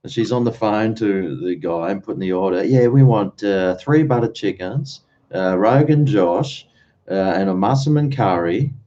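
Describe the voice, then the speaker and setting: Laid-back Australian man, low and mellow. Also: moderate pace. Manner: rambling, easygoing, chuckles between thoughts. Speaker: livestream host. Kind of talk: casual late-night livestream chat. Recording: dull lo-fi stream audio.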